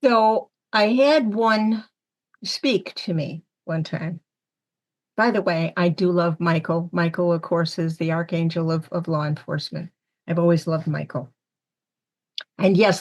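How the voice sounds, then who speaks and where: On a panel podcast, a lowish-voiced medium from around Syracuse, New York tells stories with lots of energy, performing the quoted lines of those involved.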